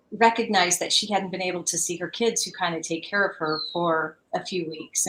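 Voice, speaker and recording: A woman's voice: on the low side, a bit bright, reverberant, slight background noise, rough recording. A woman guest in a casual interview on a video call, speaking in a heartfelt, reflective way.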